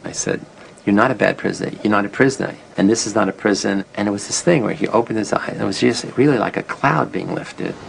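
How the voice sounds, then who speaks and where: A man's voice: lowish voice, fast, vocal fry, slight background noise, rough recording. A man interviewed for a documentary, telling the story reflectively and acting out the dialogue he quotes. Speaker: interviewee recalling the experiment he ran.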